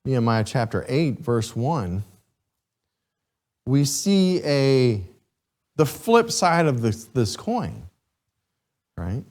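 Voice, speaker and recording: A man teaching a Sunday school class, reading scripture and questioning his students in a lively, chuckling way. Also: medium pitch, slow, long pauses. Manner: animated, asks the class questions, chuckles often.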